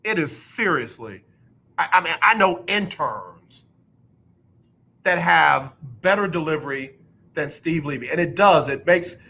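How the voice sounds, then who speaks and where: A sports talk radio host in a studio rants bluntly, his bright, forceful voice pitched slightly high for a man. He drives his points home by repeating them over and over. Every so often he mocks others with an exaggerated announcer impression.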